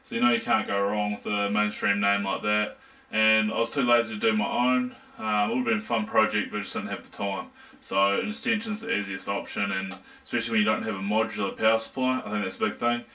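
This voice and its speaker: A man's voice: lowish voice, little pitch movement, fast, pushed and bright. A young man with a New Zealand accent giving a casual, jokey hands-on review of computer parts, rambling with fillers. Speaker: tech reviewer.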